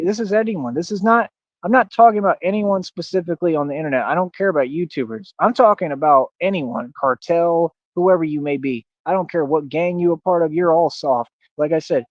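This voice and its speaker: Male streamer, higher voice, boastful rant, dry dull lo-fi audio. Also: no echo. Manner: boastful, confrontational, challenging viewers; slangy, repeats bro and like. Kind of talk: ranting livestream talk.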